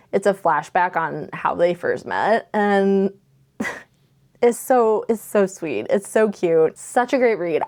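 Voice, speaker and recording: A woman's voice: medium pitch, darkish tone. Bubbly woman gushing about books. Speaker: book vlogger. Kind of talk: casual chat.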